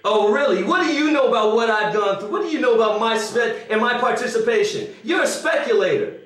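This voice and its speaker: Angry guy yelling back at someone, kinda high voice, far off the mic in a big echoey space. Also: fairly quick. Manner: angry, defiant, repetitive, profane. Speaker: actor. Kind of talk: heated confrontation on camera.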